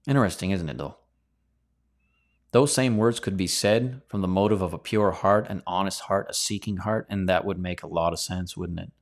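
A man's voice: sits low, moderate pace. A man teaching scripture verse by verse on a podcast, conversational and full of rhetorical questions. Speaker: podcast preacher.

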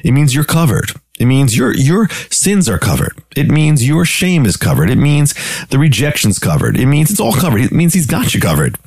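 A man's voice: mid-range voice, big pitch swings, moderate pace, darkish tone, breathy edge, no room sound. A man preaching a radio sermon, emphatic, piling up repeated phrases with rising urgency.

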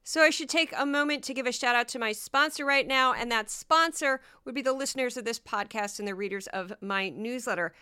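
A woman's voice: fairly high pitch, fairly quick, few pauses, bright, forceful tone, smooth. Sarcastic chatty woman podcaster. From Missouri. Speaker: podcast host. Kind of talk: casual solo podcast monologue.

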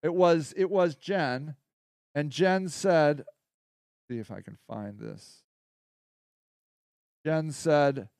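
A man with a somewhat high voice talks off the cuff as a podcast host. He rambles and curses bluntly, dropping low for asides and rising when heated. The sound is dry and close, with no room around it. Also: smooth, no room sound. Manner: rambling, blunt and profane, swings from quiet to heated. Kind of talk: casual monologue.

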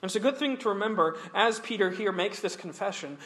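A man's voice: sits high, expressive, fast talker, a bit bright. A man preaching a Bible study sermon, talking earnestly and emphatically, with some restarts. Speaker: pastor.

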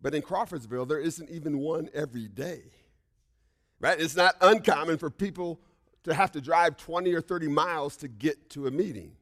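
High-voiced bright storytelling pastor, man. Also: moderate pace. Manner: storytelling, tag questions "right?", swings from loud to hushed. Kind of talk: sermon with personal story.

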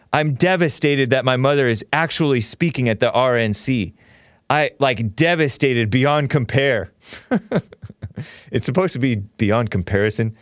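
A man's voice: medium pitch, no room sound, studio quality. A man hosting a talk show, delivering an opinionated, sarcastic monologue and laughing often at his own remarks.

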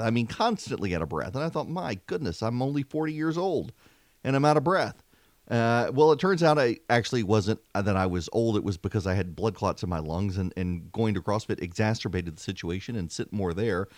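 Animated talk radio host, dry studio sound. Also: male voice, deep voice, dry recording. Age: 40s. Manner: chatty, self-deprecating, animated. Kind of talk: casual political talk radio. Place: home studio, seated at a mic. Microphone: studio microphone.

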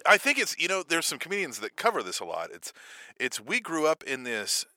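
A man's voice: on the high side, fairly quick, no echo, studio quality. A man co-hosting a podcast in casual, profane chat, often tagging his points with "right?". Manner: animated, profane, punctuates with "right?". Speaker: podcast co-host.

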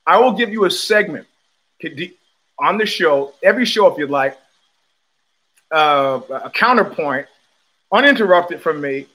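A man's voice: on the high side, unhurried, long pauses. An older man with a New York accent hosting a livestream, telling stories bluntly and with swagger, often restarting his sentences. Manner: blunt, animated storytelling with frequent restarts and profanity. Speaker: show host. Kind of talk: casual livestream monologue.

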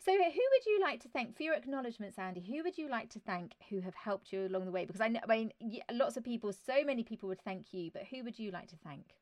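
A woman's voice: a little high, animated, fast talker, hardly any pauses, darkish tone, no echo. A woman hosting an interview, asking questions and responding with encouraging affirmations. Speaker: podcast host. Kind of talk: conversational interview.

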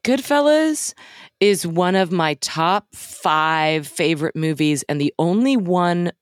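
A woman co-hosting a podcast in relaxed, wry casual chat. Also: deep voice, takes it slowly, no echo, studio quality. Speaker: podcast co-host.

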